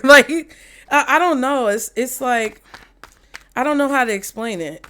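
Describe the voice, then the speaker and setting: A woman's voice: high voice, normal speed, sharp tone. A woman giving a casual tarot reading in a chatty way. She swears freely, restarts her sentences and trails off. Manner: chatty, swears freely, acts out quotes in mock voices; stops to laugh, trails off, restarts. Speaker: tarot reader.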